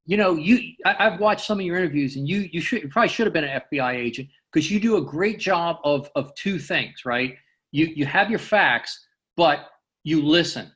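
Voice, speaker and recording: A man's voice: on the high side, lively intonation, normal speed, fairly bright tone. A man speaking as an interview guest, a former FBI agent who answers thoughtfully and often repeats words as he thinks. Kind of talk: casual interview chat.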